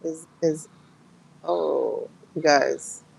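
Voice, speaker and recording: A woman with a gravelly, creaky voice doing a livestream pendulum reading. She speaks slowly and emotionally and keeps calling out to her viewers. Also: low voice, darkish tone, poor audio. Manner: emotional, exclaiming, talks to viewers as "girl". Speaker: tarot and pendulum reader.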